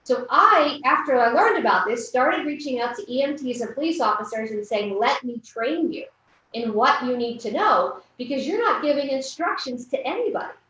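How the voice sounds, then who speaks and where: High-voiced woman giving an echoey keynote. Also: expressive, moderate pace, sharp tone, distant mic. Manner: storytelling, acting out quoted people. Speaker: keynote speaker. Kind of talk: conference keynote talk. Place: large conference hall. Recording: echoey hall, lo-fi from afar.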